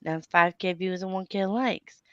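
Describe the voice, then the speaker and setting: A woman hosting a casual reading livestream, giggly and excitable, who swears freely and talks over a video call. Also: fairly low pitch, normal speed, no echo, dull audio. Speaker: livestream host.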